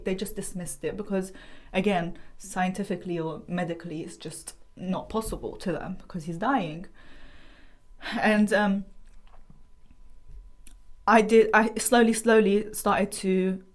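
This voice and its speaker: Emotional young woman giving testimony. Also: medium pitch. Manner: emotional, halting, with restarts and nervous laughs. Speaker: guest sharing her family's story.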